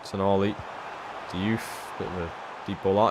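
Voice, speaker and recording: A young man streaming a football career game, chatting casually and swearing freely, jumping into loud excited shouts at big moments. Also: low voice, moderate pace, a little hiss or hum. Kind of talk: live-streamed gameplay commentary.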